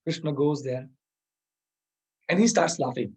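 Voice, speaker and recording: Husky man teaching soft skills. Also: a little high, animated, unhurried, rough recording. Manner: chuckles often, Hindi words mixed into English. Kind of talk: informal lecture with storytelling.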